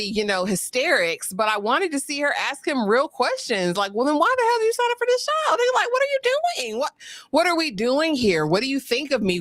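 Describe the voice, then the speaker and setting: A woman's voice: on the high side, fairly bright tone, no echo. Frank, exasperated woman host, dry sound. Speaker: host of a reality show recap. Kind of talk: casual live-stream commentary.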